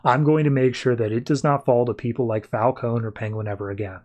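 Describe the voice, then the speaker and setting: A man's voice: medium pitch, fairly even intonation, fairly quick, darkish tone, highs cut off, natural voice. A man doing a defiant young cop. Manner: firm, defiant.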